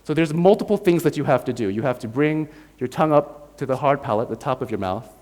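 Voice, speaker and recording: An American man lectures at a university in a mid-range voice. The long reverb of a lecture hall trails behind his words. He explains patiently, sounds things out himself and often checks in with a quick "right?". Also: medium pitch, lively intonation, a little mellow.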